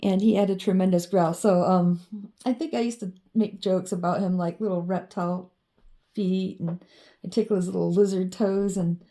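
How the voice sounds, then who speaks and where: A woman's voice: on the low side, steady tone, normal speed, dark tone. A woman vlogging in a casual, meandering monologue full of ums and you-knows as she shows her drawings.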